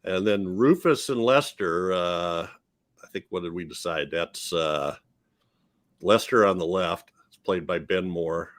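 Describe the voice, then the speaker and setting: A man's voice: low voice, unhurried. A man hosting a casual film-review podcast, rambling and hesitant with fillers. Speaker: podcast host.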